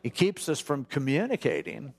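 A middle-aged man with a gravelly, creaky edge to his voice, teaching from scripture in a relaxed, conversational way. He slips into quick acted-out prayers and asides as he talks. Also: mid-range voice. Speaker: pastor.

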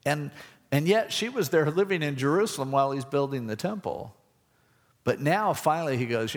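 A man's voice: fairly high pitch, lively intonation, moderate pace, big-room sound. A man preaching a conversational sermon, acting out the voices in his stories. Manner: conversational, acts out voices in anecdotes. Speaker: pastor.

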